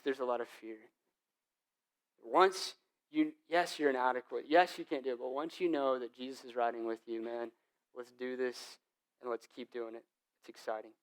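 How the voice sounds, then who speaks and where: Animated young pastor preaching with a higher voice. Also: male voice, clear, resonant tone. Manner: animated storytelling with casual slang. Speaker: lead pastor. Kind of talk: sermon.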